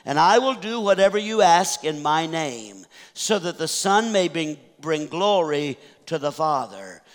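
A man preaching a Sunday sermon as pastor, reading scripture aloud and slowing down on the key phrases. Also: fairly high pitch. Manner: reads scripture aloud, slows for emphasis. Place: church sanctuary. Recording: church hall reverb.

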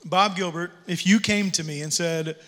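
Heard first is a long reverb tail, as a man preaches from a church stage. His voice sits high and sounds bright and sharp. He tells the story like a joking, casual pastor and throws in slang. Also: moderate pace. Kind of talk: sermon. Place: church sanctuary.

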